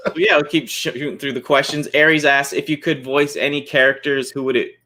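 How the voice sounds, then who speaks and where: A man's voice: a little high, steady tone, brisk, pushed and bright. A man hosting a podcast in casual chat, who talks in a chatty, enthusiastic and rambling way and reads out listener questions. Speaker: podcast host.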